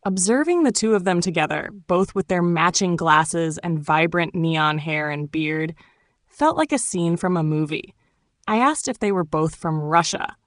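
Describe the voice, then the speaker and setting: A woman reads her own memoir aloud, unhurried and reflective. Her voice sits on the lower side, and the audiobook recording is close and dry, with no room sound. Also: no room sound. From Turkey. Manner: calm, reflective storytelling.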